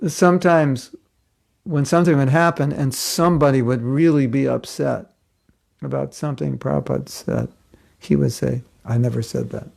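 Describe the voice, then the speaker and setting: A man's voice: mid-range voice, fairly even intonation, moderate pace, vocal fry, darkish tone. A man giving a devotional class, telling stories in a conversational way and chuckling often. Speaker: spiritual teacher.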